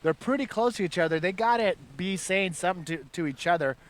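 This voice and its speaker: A man's voice: high-pitched, fast. A man calling live play-by-play at a surf contest, upbeat and hyping the action. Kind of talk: live sports commentary.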